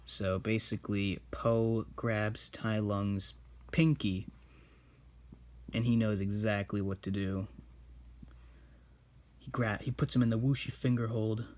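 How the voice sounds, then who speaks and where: A man's voice: on the low side, darkish tone. A man casually retelling a movie for laughs while drawing, in a rambling, offhand way. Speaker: YouTuber.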